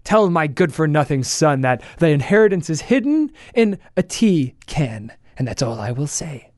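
A man voicing the ghost of an old woman in a told story, speaking slowly and tiredly. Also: a little high, big pitch swings, darkish tone, no room sound, clean studio sound. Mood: weary.

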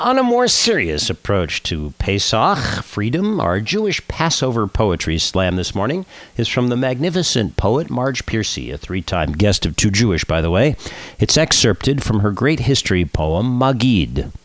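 A man who is a rabbi hosts a radio show, chatting, telling a joke and reading poetry aloud in a lively storyteller's way. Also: fairly low pitch, moderate pace, dry recording.

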